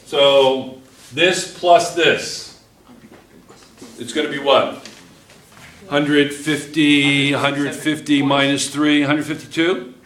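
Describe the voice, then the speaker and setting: A man's voice: on the high side, fairly even intonation, takes it slowly, pauses often, fairly bright tone, distant mic. A man teaching a physics class, joking and teasing his students as he works through problems. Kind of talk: classroom lesson. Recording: echoey classroom.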